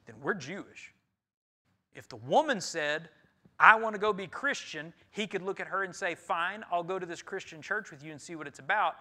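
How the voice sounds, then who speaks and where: A man with a Texan accent preaching a conversational sermon in a church, lively and playful, teasing the congregation and speaking to them directly. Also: high voice. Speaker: pastor. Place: church sanctuary.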